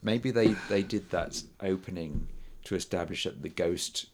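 A man co-hosting a casual movie podcast chat, speaking in a hesitant, halting way. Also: sits low, a crowd in the background.

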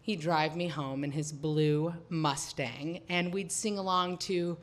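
A woman's voice: deep voice, steady tone, slow pace. A woman in her thirties tells a personal story from her teens. She speaks in a wry, confiding way and often slips in amused, laughing asides.

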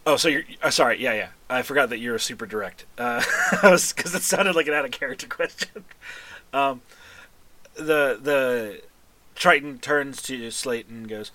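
A man's voice: medium pitch, normal speed, pushed and bright, no room sound. A man running a tabletop game as game master, narrating casually with frequent fillers and laughter. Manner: casual, rambling, laughs often.

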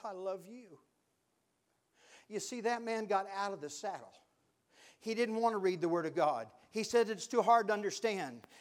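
An older man preaching a sermon, telling folksy stories and building to fervent exhortation. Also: fairly high pitch.

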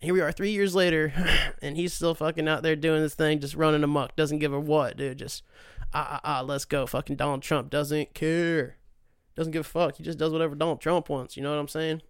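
A man's voice: a little high, a little fast, smooth, no echo, studio quality. A man in his late twenties, a podcast host ranting casually with profanity and sarcasm. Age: late 20s. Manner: profane, sarcastic, animated mock voices. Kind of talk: casual rant.

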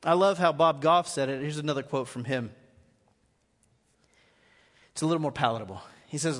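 Male pastor, earnest live sermon, fairly high voice, long hall echo. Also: normal speed, long pauses. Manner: earnest, shifts between quiet reading and raised exhortation. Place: large church hall.

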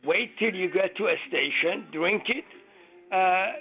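A man calling in to a radio show, telling a joke haltingly with many fillers and non-native grammar. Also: high-pitched, breathy edge, dull audio. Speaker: caller.

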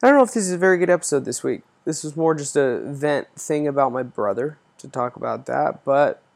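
A man's voice: on the high side, expressive, brisk, gravelly. A man in his thirties hosting a podcast, telling an exasperated story in a casual, profane ranting way. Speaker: podcast host.

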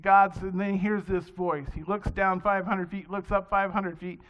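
A pastor with a high-pitched voice preaches a sermon in a conversational, storytelling way, keeping his pitch fairly flat and his speed normal. The recording has a dull, lo-fi sound.

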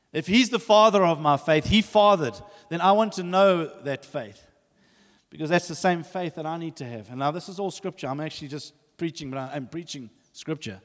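A male preacher with a high voice delivers a lively, story-driven sermon. His words ring out with a long reverb, as if in a big church hall. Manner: animated storytelling, acts out voices.

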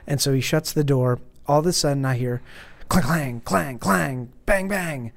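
A man's voice: medium pitch, unhurried, vocal fry. A man in his thirties on a podcast, telling a story in casual chat and acting out the quotes in a raised voice. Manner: animated, acts out quotes in raised voice. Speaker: podcast host.

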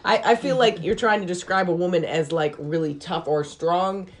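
A woman's voice: fairly low pitch, moderate pace. A woman co-hosting a movie podcast, speaking frankly and emphatically, laughing easily. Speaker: podcast co-host. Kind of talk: casual movie podcast chat.

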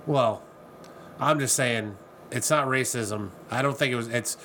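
A man's voice: medium pitch, measured pace, bright, forceful tone. Blunt, argumentative man. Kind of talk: casual chat. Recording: faint background noise.

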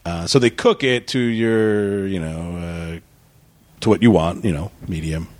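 A man hosting a casual comedy chat, playful and argumentative, riffing with jokey deadpan bits. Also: low voice, a little slow, no echo. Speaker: podcast host.

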